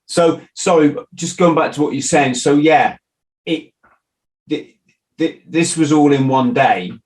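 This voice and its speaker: A man's voice: on the high side, a little slow, poor audio. A middle-aged man hosting a podcast, talking in a loose, rambling way with restarts and the odd swear word. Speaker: podcast host. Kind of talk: casual interview chat.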